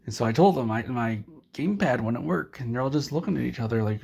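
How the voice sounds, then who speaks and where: A man vlogger telling a rambling comic tall tale to the camera in a deadpan way, with a gravelly voice. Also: medium pitch, fast, hardly any pauses.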